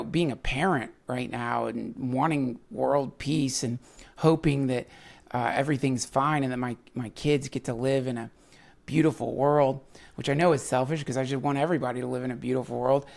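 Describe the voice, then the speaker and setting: Rambling man with a creaky voice. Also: mid-range voice. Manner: rambling, self-mocking, with fillers. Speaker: podcast host. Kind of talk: casual ad read and rambling chat.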